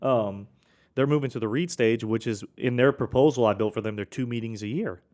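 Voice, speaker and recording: A man's voice: mid-range voice, a little fast, a little mellow. A man hosting a casual accounting podcast, telling client stories with frequent restarts and a cough now and then. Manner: rambling, self-correcting, with frequent restarts.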